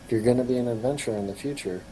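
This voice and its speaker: A man speaks in character during a tabletop game, friendly and halting. He stumbles over his words, with a middle-range voice. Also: mid-range voice, warm tone, slight background noise, rough recording. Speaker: player.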